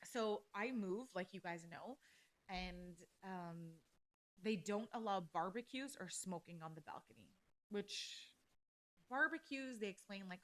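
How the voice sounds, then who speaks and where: A woman talks through a solo podcast episode in a loose, ranting way. She is blunt and fired up, and she swears freely as she vents. Her voice sits at an ordinary middle pitch for a woman. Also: lively intonation, measured pace, a bit bright. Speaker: podcast host. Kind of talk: casual solo podcast rant.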